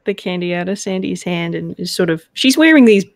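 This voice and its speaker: A woman narrating as game master in a tabletop game, gently and with laughter. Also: on the low side, animated, brisk, no room sound, studio quality.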